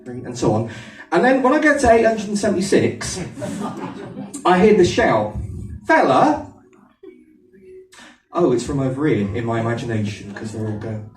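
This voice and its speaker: A man's voice: mid-range voice, lively intonation, a little fast. A man with an Aldershot accent, getting over a cold, doing a chatty, self-mocking stand-up set and teasing the audience. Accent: Aldershot English. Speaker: stand-up comedian. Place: comedy venue with a live audience. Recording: echoey room, distant mic, audience laughter.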